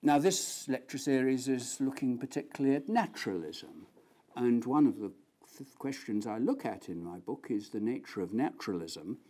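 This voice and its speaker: Man, academic lecture, storytelling, animated pitch. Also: normal speed. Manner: storytelling, acting out quoted voices. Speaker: philosophy lecturer.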